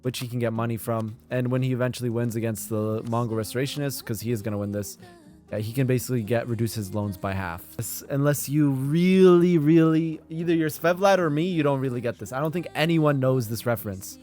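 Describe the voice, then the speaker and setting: A streamer and lobby host runs a live strategy game stream with faint music in the background. His voice is medium-pitched and a little fast, and he's excitable, eagerly talking to his chat and breaking into laughter.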